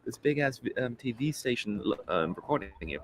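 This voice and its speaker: A man's voice: mid-range voice, lively intonation. Chatty man hosting a live stream. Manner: chatty, quick asides and jokes. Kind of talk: casual chat.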